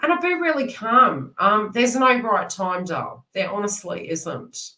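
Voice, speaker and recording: A woman's voice: medium pitch, very animated, measured pace, pushed and bright, roomy sound, distant mic, low-quality recording. A woman giving a live card reading, speaking earnestly and rambling, and talking straight to viewers by name. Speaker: psychic card reader.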